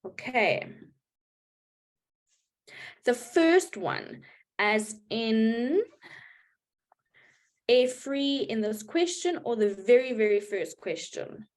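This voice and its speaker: A woman's voice: a little high, slow pace. A woman teaching a live online maths class, explaining patiently step by step and checking in with her students. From South Africa.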